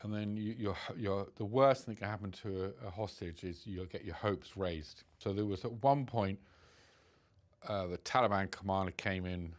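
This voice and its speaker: A man recounting his time as a hostage in a halting, subdued way, full of restarts. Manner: halting, many restarts, subdued and low-key. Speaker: interviewee recounting being held hostage. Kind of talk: reflective personal storytelling.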